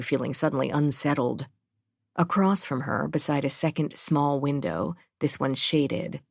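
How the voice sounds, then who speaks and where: Low-voiced woman audiobook narrator. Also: a little mellow, no room sound, studio quality.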